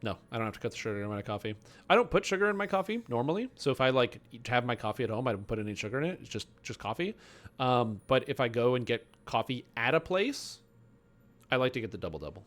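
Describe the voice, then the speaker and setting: A man's voice: medium pitch, lively intonation, fast talker. A young man, a game streamer chatting casually and answering his chat with rambling, self-mocking jokes. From Canada.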